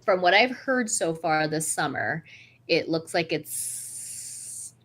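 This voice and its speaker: A woman co-hosting a relaxed sports chat, her voice sitting a little low. She mostly offers short supportive reactions, then speaks up with her own views. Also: slow. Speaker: podcast co-host. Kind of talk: casual chat.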